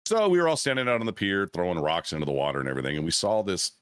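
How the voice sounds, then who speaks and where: A man's voice: low-pitched, very animated, rapid-fire, clear, resonant tone, dry recording, studio quality. A veteran man on a podcast telling a profane, rambling war story with frequent restarts and swearing. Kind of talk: casual storytelling chat.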